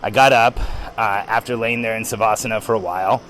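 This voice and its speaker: A man hosting a podcast, telling a story in an animated, excitable way with frequent ums. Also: on the low side, a little fast, slight background noise, poor audio. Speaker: podcast host. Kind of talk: storytelling monologue.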